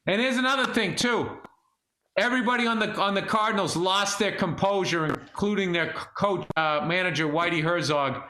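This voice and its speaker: Profane, animated man in a roomy studio. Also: high voice, moderate pace. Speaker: podcast co-host. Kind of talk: casual chat.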